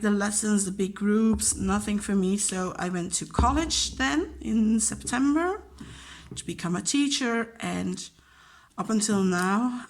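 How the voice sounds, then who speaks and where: A woman, a teacher chatting casually and openly about her job, with many fillers and acted-out quotes. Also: medium pitch. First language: Dutch. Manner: chatty, emotional, acts out quoted dialogue. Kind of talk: casual chat.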